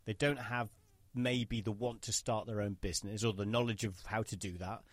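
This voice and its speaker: A man's voice: lowish voice, fairly even intonation, normal speed, no echo. A man hosting a casual podcast chat, joking, swearing and acting out quotes. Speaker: podcast host.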